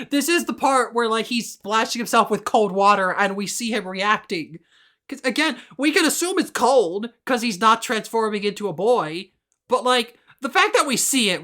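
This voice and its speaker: A woman's voice: fairly high pitch, fairly bright tone. An enthusiastic woman co-hosts a casual podcast chat. She trips over her opening words and laughs easily as she talks. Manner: enthusiastic, laughs often, repeats words when starting. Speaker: podcast co-host.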